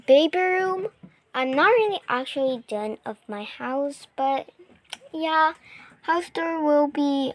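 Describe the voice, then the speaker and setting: A young woman casually narrating her gameplay, rambling with lots of fillers and excited gasps. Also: high voice. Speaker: gaming vlogger. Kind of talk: casual game commentary.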